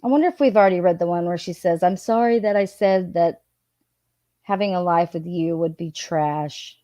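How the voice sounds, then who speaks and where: A woman's voice: on the low side, moderate pace, dark tone, no echo. A woman hosting a live stream, reading text messages aloud and chatting with viewers, now and then scolding chatters. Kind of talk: casual live-stream commentary.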